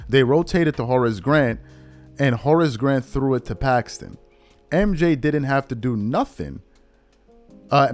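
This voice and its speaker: Animated man ranting about sports. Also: medium pitch. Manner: animated, ranting, rhetorical questions. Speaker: sports commentary host. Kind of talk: opinionated solo commentary.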